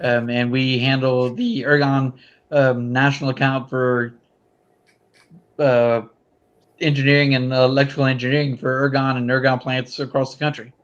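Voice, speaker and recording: A man's voice: medium pitch, little pitch movement, normal speed, muffled recording. A man from South Louisiana with a South Louisiana accent, chatting casually and often repeating himself. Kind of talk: casual chat.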